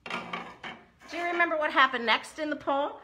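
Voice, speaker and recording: A woman leading a preschool story time, reciting nursery rhymes slowly and encouragingly in a sing-song way. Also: high-pitched, noisy background. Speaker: children's librarian.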